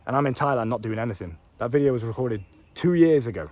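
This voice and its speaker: Fast-talking blunt, profane man. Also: mid-range voice, lively intonation, darkish tone, no echo. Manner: blunt and profane, talks straight at the listener with slang. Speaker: online business coach. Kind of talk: casual vlog monologue. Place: outdoors on a bench in a warm country.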